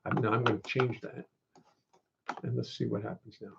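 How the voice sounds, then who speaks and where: Gravelly older man rambling on a livestream. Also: medium pitch, fairly even intonation, normal speed, heavy background noise. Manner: rambling, wry, reads viewer comments aloud. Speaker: musician hosting a livestream. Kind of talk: casual livestream chat. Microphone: computer audio input. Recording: dull lo-fi livestream audio.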